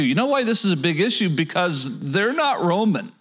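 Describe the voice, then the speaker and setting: A male pastor with a noticeably high voice delivers a sermon. He talks earnestly and often stumbles into restarts. He keeps turning to the audience with rhetorical questions. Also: very animated, normal speed, few pauses, a bit bright, slightly rough. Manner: frequent stammered restarts.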